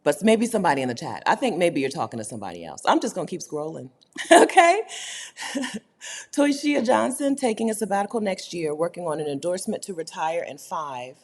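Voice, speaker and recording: A woman hosts a casual livestream, reading out comments and reacting to them. Her voice sits a little low and sounds husky, yet her pitch swings widely as she jumps between emphatic high bursts and quiet asides. She laughs often and talks in a loose, conversational way. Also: sing-song, fast. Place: indoors, home setting while living abroad.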